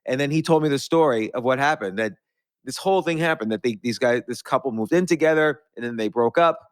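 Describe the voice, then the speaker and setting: Speaking quickly in a clear, resonant voice of medium pitch, a middle-aged male podcast host rambles through long anecdotes, breaking off to restart and laugh. The sound is clean studio audio without any echo.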